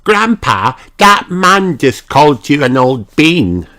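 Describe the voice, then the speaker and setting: A reader voicing a bossy, cheerful little girl pig in a storybook, in a high, chirpy and insistent manner. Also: very animated, slow pace, background noise.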